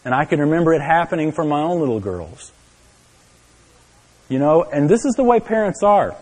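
Man, pastor, sermon, storytelling, slightly high voice, reverberant hall. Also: very animated, normal speed. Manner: storytelling, swinging from hushed to exclaiming.

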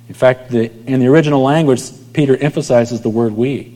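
A man delivers a sermon in a relaxed, conversational tone. His voice sits in an ordinary middle register and sometimes drops to almost a whisper at the ends of phrases. The sound carries a long reverb from a large room. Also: medium pitch, fast, hardly any pauses. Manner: conversational preaching, dropping to near whispers at line ends. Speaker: pastor.

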